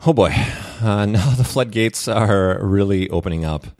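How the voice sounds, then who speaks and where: A man's voice: on the low side, normal speed, darkish tone, dry recording, studio quality. A man hosting his own podcast, talking in a candid, confessional solo monologue with frequent "uh" fillers. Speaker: podcast host.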